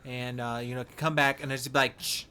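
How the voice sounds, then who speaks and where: A man's voice: medium pitch, little pitch movement, fairly quick, bright, forceful tone, a little hiss or hum. A man hosting a casual game guide, talking in a playful, rambling, jokey way. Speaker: gaming channel host.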